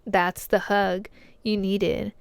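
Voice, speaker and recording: Young woman podcaster talking straight to her peeps, super clear voice, dry close mic, lots of "like" and "you know". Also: mid-range voice, little pitch movement, slow, no room sound. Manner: slangy and fillers-heavy, addresses listeners as "my peeps"; earnest, encouraging, swears casually. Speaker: podcast host. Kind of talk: casual heartfelt advice monologue.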